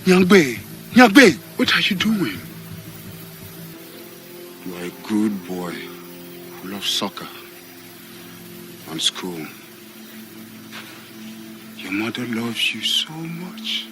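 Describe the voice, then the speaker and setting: An actor playing a desperate grown father who pleads with his lost son, his voice rising to shouts and dropping to a whisper. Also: fairly low pitch, big pitch swings, drawn-out words, long pauses, over music, full character voice. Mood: desperate pleading. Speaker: film character.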